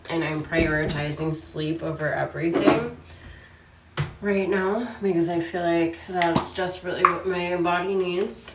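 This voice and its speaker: Weary, breathless woman, slow and distant. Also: fairly low pitch, fairly even intonation, echoey room, heavy background noise. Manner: weary, speaking softly and slowly. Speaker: vlogger. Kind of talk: casual personal vlog. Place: hospital room, then home.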